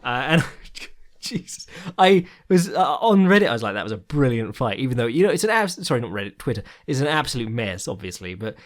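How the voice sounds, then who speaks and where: A man's voice: mid-range voice, big pitch swings, brisk. A man chats loosely through his podcast commentary, full of ums and restarts. He swears freely and laughs now and then as he rambles on. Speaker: podcast host.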